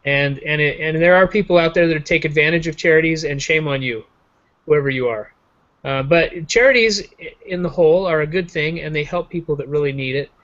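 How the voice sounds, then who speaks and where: A man's voice: a little high, brisk, fairly bright tone. Joking man on a lo-fi call. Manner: rambling, jokey, self-mocking. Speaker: show host. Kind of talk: casual joking chat. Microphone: video call. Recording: dull lo-fi online call audio.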